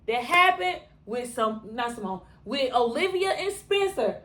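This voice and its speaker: A woman in casual reaction commentary on a TV episode, animated and exasperated, talking back to the characters, with features. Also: high-pitched, unhurried, hardly any pauses. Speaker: TV reaction reviewer.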